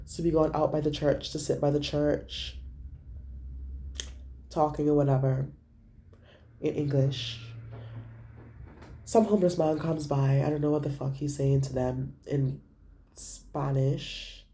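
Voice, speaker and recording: A young woman tells a casual storytime in a low, mellow voice. She talks in an animated, gossipy way and swears freely as she recounts her night. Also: measured pace, long pauses. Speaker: vlogger.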